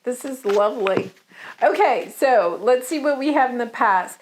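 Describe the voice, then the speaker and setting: A woman's voice: a little high, animated, normal speed. A woman giving a casual tarot love reading, chatty and giggly, with many fillers. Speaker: tarot reader.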